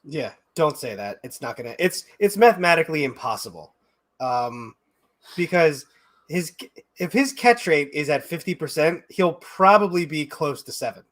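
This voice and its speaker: A man with a fairly high voice gives betting picks in a relaxed podcast chat. He jokes around, laughs easily and swears casually. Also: normal speed. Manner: joking and laughing, with loose swearing.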